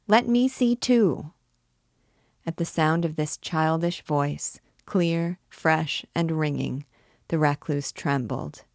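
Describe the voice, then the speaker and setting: A woman reading a classic novel aloud as a book guide, in a measured, deliberate way. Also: low-pitched, no room sound, clean studio sound.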